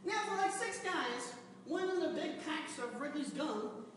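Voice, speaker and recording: A man giving a humorous personal story speech to a club audience, animated and laughing along as he tells it. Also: very high-pitched, a little slow, slight background noise. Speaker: speaker at a public speaking club. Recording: echoey hall, recorded from far off.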